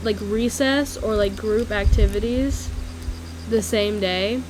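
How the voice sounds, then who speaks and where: A woman's voice: medium pitch, slow pace, darkish tone, a little hiss or hum, rough recording. A young woman casually telling personal stories, chatty, swearing freely and filling her talk with "like". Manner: chatty, swears freely, heavy use of "like", laughs between lines. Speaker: storyteller. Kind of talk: casual storytelling monologue.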